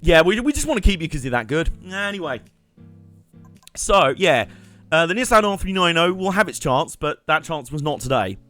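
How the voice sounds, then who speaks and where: A man's voice: a little high, big pitch swings, moderate pace, a bit bright, faint music behind. A young man, chatting and joking while commentating his live gameplay stream. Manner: chatty, joking, rambling asides with laughs.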